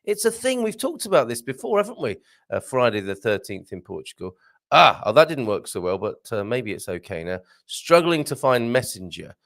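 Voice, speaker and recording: A man's voice: mid-range voice, very animated, fairly bright tone. A man hosting a casual morning live stream from a home studio, chatting, reading viewer comments aloud and trying out Portuguese phrases. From Britain. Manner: chatty, rambling, chuckles often, reads comments aloud, tries Portuguese phrases slowly. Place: home studio with green screen.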